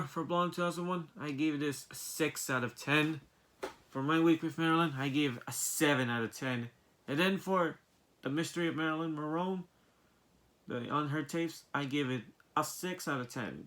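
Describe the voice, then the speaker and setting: A man's voice: a little high, fairly bright tone. A young man giving a casual movie review vlog, rambling, repeating himself, and piling up exasperated rhetorical questions.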